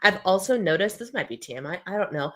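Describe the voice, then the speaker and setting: A woman's voice: fairly low pitch, animated, fast. A woman in her thirties hosting a casual live-stream chat from home, with a scratchy throat, chatty as she reads out viewer comments and answers them. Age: 30s. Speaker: host.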